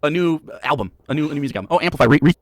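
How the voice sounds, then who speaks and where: A man in an online debate talks in quick rushes, stumbling over fillers and restarts and swearing casually. His voice sits a little high for a man. The sound is dry, with no room echo. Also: expressive. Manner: rapid, filler-heavy, profane. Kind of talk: debate talk.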